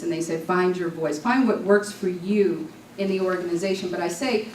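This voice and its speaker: A woman from New York giving a club leadership training talk, a lively storyteller who jokes with her audience. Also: lowish voice, normal speed, a little hiss or hum. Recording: roomy sound from a distant mic.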